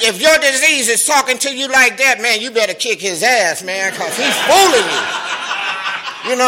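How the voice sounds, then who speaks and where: At a recovery meeting, a middle-aged man recounts his story in African American Vernacular English with a streetwise, animated manner, profanity and laughter. His voice sits high, with slight background noise and poor audio.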